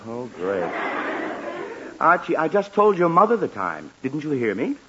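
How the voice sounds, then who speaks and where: A man's voice: a little high, wildly swooping pitch, unhurried, pushed and bright, slightly rough, highs cut off, full character voice. An actor playing a flustered, easily exasperated middle-aged father in a 1940s radio comedy, stammering and sputtering. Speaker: family father in a sitcom. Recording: hissy old radio recording.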